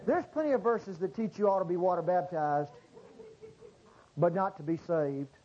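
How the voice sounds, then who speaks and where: High-voiced emphatic male preacher. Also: slightly rough, lo-fi sound. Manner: emphatic, swinging from low murmurs to loud high exclamations; drawn-out stressed words. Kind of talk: sermon. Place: church service before a congregation.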